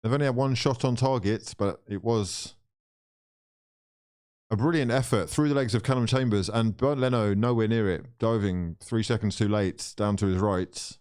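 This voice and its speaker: A man hosting a live football watchalong. He swears freely, talks straight to his viewers and swings between frustration and excitement. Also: lowish voice, moderate pace, clear, resonant tone.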